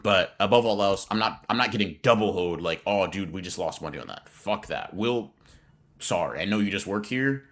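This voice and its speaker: A young man co-hosting a podcast, telling an animated, profane story in casual slang. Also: deep voice, normal speed. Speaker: podcast co-host.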